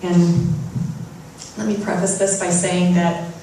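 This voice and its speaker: Speaking slowly in a low-leaning, level, dark voice, a woman gives an inspirational spiritual talk, sharing personal stories with self-deprecating humor. There's slight background noise, and she's recorded far from the mic in a very echoey room.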